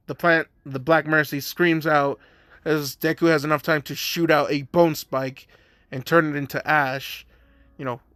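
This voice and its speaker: A man's voice: fairly high pitch, fairly bright tone, no room sound. A man casually narrating a fan-made story, rambling with many fillers. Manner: rambling, heavy use of "you know" and "like".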